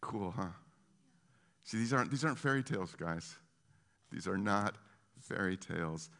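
A man preaching a sermon who tells his stories in an animated way, often stopping and restarting his sentences. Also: lowish voice, moderate pace. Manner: animated storytelling with many restarts. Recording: long reverb of a large hall.

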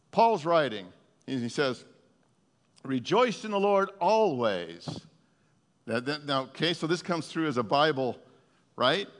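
A man's voice: mid-range voice, fairly bright tone, big-room sound. An older man preaching an informal, playful sermon in a church, often breaking into song. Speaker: pastor. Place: church hall.

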